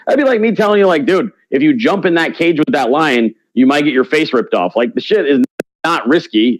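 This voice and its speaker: A man's voice: medium pitch, no echo, low-quality recording. A man talking as an interview guest in a blunt, brash, slangy way. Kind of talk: casual interview talk.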